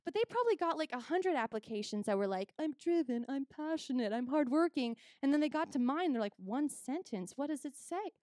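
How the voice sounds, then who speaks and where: Fairly quick and high-voiced, with few pauses, a young woman from Canada works through a stand-up set. Animated storytelling has her voicing both sides of each conversation, and the dry recording is studio quality.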